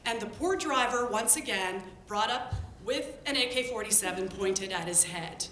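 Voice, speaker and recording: A woman telling a lively story about her field work to an audience. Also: moderate pace. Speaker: public health worker telling a story. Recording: echoey room with faint rumble.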